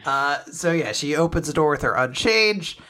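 A man's voice: a little high, moderate pace. A man co-hosting a podcast, casually recapping a comic chapter, laughing and swearing as he retells it. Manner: laughing, profane, animated retelling. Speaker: podcast co-host.

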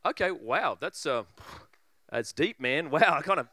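A preacher telling a funny story in a sermon, acting out voices and laughing often. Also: male voice, a little high, big pitch swings, measured pace, bright, forceful tone, dry recording, clean studio sound.

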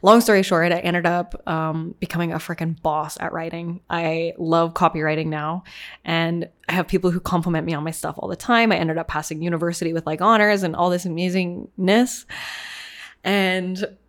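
A woman's voice: on the low side, flat delivery, moderate pace. A young adult woman from Canada, casually telling a personal story to her viewers, candid and rambling, laughing at herself. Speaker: vlogger sharing personal story.

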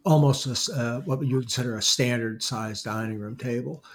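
テーブル作りの経験を気さくに語る男性。ゆったりした話し方で、さらっと冗談を挟む。. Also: male voice, mid-range voice, fairly quick. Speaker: podcast co-host, woodworker. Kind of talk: casual chat.

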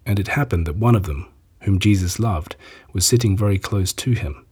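A man reads scripture aloud in a slow, solemn, measured way. His voice is lowish, very husky and dark. The telling stays even and deliberate. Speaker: scripture reader. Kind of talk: scripted Bible reading.

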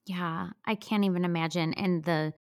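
A woman hosts an interview in a fairly low voice. She speaks sympathetically and sums up what her guest has told her. The sound is dry and close. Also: fairly even intonation, normal speed, no room sound. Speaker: podcast host.

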